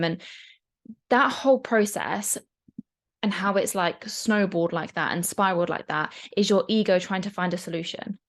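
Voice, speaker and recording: A young woman coaching in a casual, chatty talk, frank and quick to swear. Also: medium pitch. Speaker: mindset coach.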